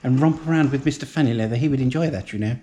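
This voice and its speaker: A man's voice: mid-range voice, racing, mellow, a little hiss or hum, close to an everyday voice. A man playing a scatty, posh middle-aged British lady co-hosting a cooking show, plummy and rambling, saying darling constantly. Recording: very echoey room, far from mic.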